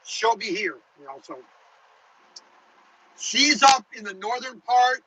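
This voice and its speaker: A man's voice: very high-pitched, lively intonation, slow pace, pushed and bright, breathy edge, low-quality recording. A truck driver talking casually to his viewers while driving his truck, in a chatty, rambling way. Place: truck cab on the highway.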